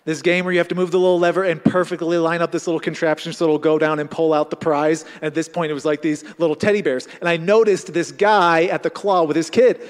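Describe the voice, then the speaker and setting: A man's voice: on the high side, little pitch movement, quick pace, few pauses. A male pastor giving a conversational, storytelling sermon to a congregation. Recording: long hall reverb.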